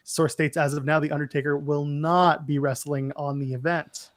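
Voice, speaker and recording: A man's voice: on the high side, level tone, normal speed, no echo, clean studio sound. A man co-hosting a casual wrestling podcast, opinionated and snarky as he runs through lists. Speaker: podcast co-host.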